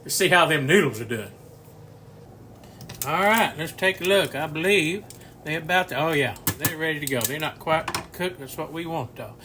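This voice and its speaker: Background noise accompanies this casual cooking chat from a man in his sixties filming in his own kitchen. He's a folksy rambler who chuckles a lot, speaking at a moderate pace in an animated voice on the high side.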